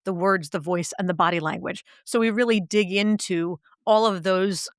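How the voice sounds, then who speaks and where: A middle-aged woman with a mid-range voice talks through her expertise as a guest on a podcast. She is animated and acts out quoted lines as examples. The sound is close and dry. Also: mid-range voice, normal speed, no room sound. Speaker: guest, cognitive linguist and executive coach. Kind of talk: podcast interview.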